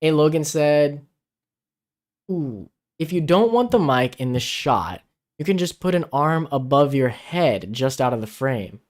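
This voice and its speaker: Co-hosting a laid-back livestream from home in the Philippines, this man chats and reads out viewer comments. His voice sits on the high side with big pitch swings and a slightly slow pace, captured by an out-of-frame camera mic.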